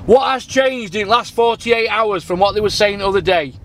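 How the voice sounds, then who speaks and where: A man hosts his channel and argues hotly over the phone, badgering and swearing. His voice sits high, and there is a faint hum of noise behind him. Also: fairly quick, fairly bright tone. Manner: badgering, repeats "listen, mate", swears. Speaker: channel host. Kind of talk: heated phone argument.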